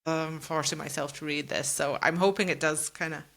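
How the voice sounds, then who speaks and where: Woman co-host, bright, low-set voice, blunt, mimics characters. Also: fairly even intonation. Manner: blunt, acts out characters in quick quotes. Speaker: podcast co-host. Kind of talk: casual book-club chat.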